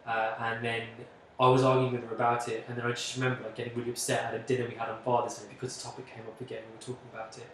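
A man in his twenties telling a candid personal story as a guest, chatty and open, often pausing on "like". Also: mid-range voice, monotone, fairly bright tone, slight background noise. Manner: chatty, open, frequent "like" and self-interruptions. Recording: echoey room, distant mic.

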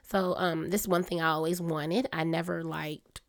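Chatty woman, a bit hoarse. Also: flat delivery, a little slow. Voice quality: deeper, grown-up voice than her usual small one. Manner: chatty, confiding, talks straight to listeners as y'all. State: keeps clearing her throat, voice a little hoarse. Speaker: podcast host. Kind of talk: casual personal chat.

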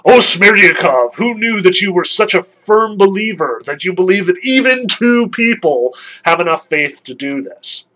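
A man voicing an excited old man who is teasing a servant, in a mock-delighted, drawn-out way. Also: sits high, pitched above the performer's own voice, full character voice, rough recording.

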